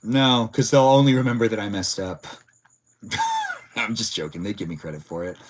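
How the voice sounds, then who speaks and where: A man's voice: lowish voice, wildly swooping pitch, normal speed, slight background noise. Male streamer, casual stream host, rambling and filler-heavy, reacts to chat. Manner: rambling, many filler words; reads and answers chat messages. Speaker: livestream host.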